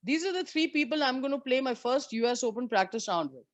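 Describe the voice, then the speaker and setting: A woman in her forties from India, a former professional golfer, telling lively and candid stories as an interview guest. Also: high voice, fast talker, no room sound. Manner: lively, candid anecdotes with frank swearing. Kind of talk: storytelling in a conversation.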